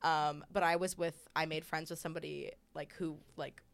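A woman comedian on a podcast, spinning stories with a giggly, animated delivery. Her voice sits a little low, and she talks in quick bursts of chat. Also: gravelly. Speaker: comedian guest.

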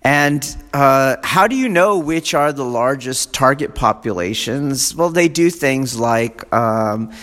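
Sounding like a martial arts instructor, this man gives a loose, rambling talk in a relaxed way, wandering off topic often and checking in with his audience again and again. He livens up when imitating excited fans, speaking slowly at medium pitch with barely a pause. The big hall around him adds a long, lingering reverb.

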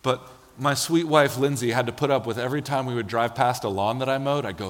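A man preaching a sermon in a church, telling stories with lively, acted-out quotes. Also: medium pitch, brisk, hardly any pauses. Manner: animated storytelling, acts out quotes. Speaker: pastor. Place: church sanctuary. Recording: long hall reverb.

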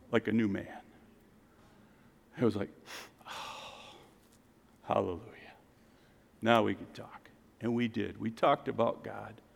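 Animated preacher in a reverberant hall. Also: male voice, mid-range voice, vocal fry. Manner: animated, swings from loud to hushed. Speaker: pastor. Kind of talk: sermon storytelling.

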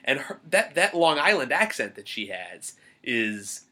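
A man's voice: medium pitch, sing-song, measured pace, sharp tone. A man from the Boston area, co-hosting a podcast, talking films casually and enthusiastically, with lots of restarts. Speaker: podcast co-host. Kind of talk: casual film chat.

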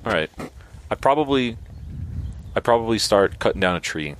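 A man's voice: lowish voice, normal speed, a little hiss or hum. A man co-hosting a casual podcast outdoors, joking around with friends, with faint breeze and birds behind him. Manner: lively, swooping intonation, jokey. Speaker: podcast co-host. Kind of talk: loose casual chat. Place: outdoors in the woods.

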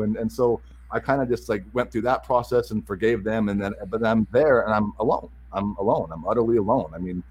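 A man candidly telling a personal story, halting and repeating words as he restarts his sentences. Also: on the low side, a little mellow, a little hiss or hum, rough recording.

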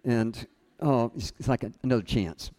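A middle-aged man giving a storytelling sermon, self-deprecating and funny, chuckling often and dropping his voice soft and low at tender moments. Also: moderate pace. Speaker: speaker at a college chapel.

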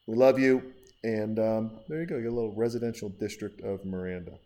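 A man hosting a podcast, chatting casually in a rambling, profane way and giving shout-outs to listeners. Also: lowish voice, steady tone, fairly quick. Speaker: podcast host.

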